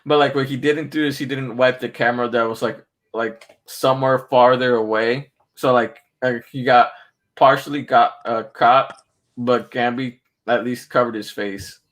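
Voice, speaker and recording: A man's voice: mid-range voice, fairly even intonation, moderate pace, a bit bright. A man hosting a casual podcast, rambling in a laid-back way and swearing freely.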